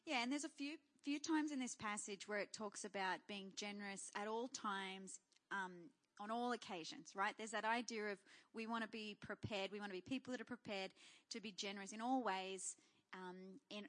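A woman's voice: mid-range voice, fairly bright tone. A woman pastor preaching in an earnest, encouraging way, repeating her phrases for emphasis. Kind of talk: sermon.

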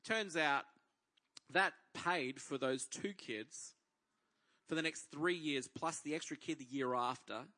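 An Australian man preaches with a bright, ringing voice. He tells a personal story in a lively way and voices the people in it as he goes. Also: on the high side, takes it slowly. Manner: lively storyteller acting out dialogue. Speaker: pastor. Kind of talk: sermon storytelling.

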